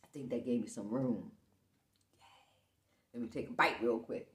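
A tired, sleepy woman hosting a casual eating show, talking slowly between bites. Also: extremely low pitch, echoey room. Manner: drowsy, unhurried, talks between bites. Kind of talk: casual mukbang chat.

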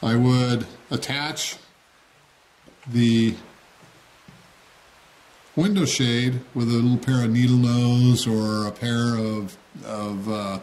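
A man's voice: medium pitch, steady tone, takes it slowly, long pauses, a little mellow. A man giving a casual how-to tutorial on a hobby build, plain-spoken and checking in with "okay?" after each step. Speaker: model railroad hobbyist demonstrating.

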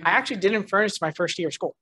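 Man, church testimony, animated storyteller who laughs often, dry close recording. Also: high voice, rapid-fire, husky, dry recording. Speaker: church member giving a testimony.

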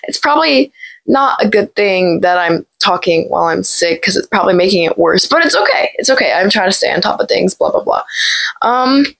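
A young woman talking casually through a phone tutorial, hoarse from being sick, chatty and rambling with lots of fillers. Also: mid-range voice, animated, moderate pace, rough recording. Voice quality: gravelly. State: hoarse from illness. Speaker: tech video creator. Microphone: small plug-in microphone.

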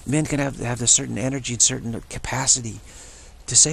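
A man's voice: mid-range voice, steady tone, brisk, gravelly, a little hiss or hum. A man talking in an unscripted, rambling monologue, often restarting and repeating words. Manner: acts out short quoted voices of others. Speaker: spiritual channel host.

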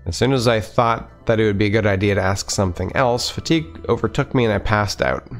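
A man's voice: fairly low pitch, fast, faint music behind. A man reading a visual novel aloud as a let's player, adding wry conversational asides.

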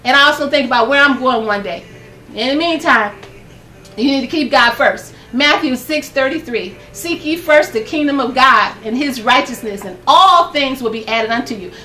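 A woman's voice: high-pitched, normal speed, bright, forceful tone, reverberant, far from the mic. An older woman hosting a gospel program from her home, giving a fervent, preachy devotional talk to camera and laughing often.

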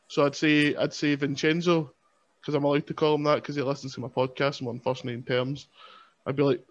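A man's voice: a little high, fairly even intonation, a little fast. A man with a Scottish accent chatting as a podcast guest, joking and rambling in a self-mocking way. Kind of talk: casual chat. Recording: lo-fi, dull sound.

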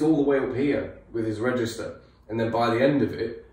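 A man hosting a casual music reaction video, animated and enthusiastic. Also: mid-range voice, quick pace, very echoey, far from the mic. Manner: animated, laughing, enthusiastic, swears.

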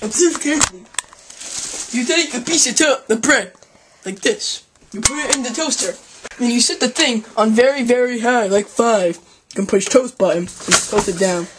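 A woman hosting a spoof cooking show with a goofy, deadpan manner and sudden loud outbursts. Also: on the high side, normal speed. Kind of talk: deadpan comic cooking demonstration. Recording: noisy home video recording.

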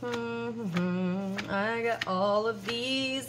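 A woman's voice: medium pitch, moderate pace, over music. A woman in her forties chatting casually at home as she counts cash aloud and talks to herself between numbers. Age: 40s. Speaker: budgeting vlogger.

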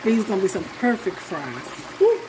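A woman's voice: fairly high pitch, moderate pace, background noise. A woman chatting casually and folksily to her viewers while she cooks at home. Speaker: cooking vlogger. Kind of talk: casual chat while cooking. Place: home kitchen. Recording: echoey kitchen with loud frying sizzle. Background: frying sizzle.

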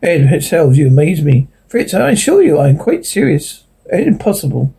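An actor playing a smug gentleman who refuses to give up the jewels, in 1940s radio acting style. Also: a little high, very animated, moderate pace, creaky, husky, full character voice. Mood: mocking. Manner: cool, mocking.

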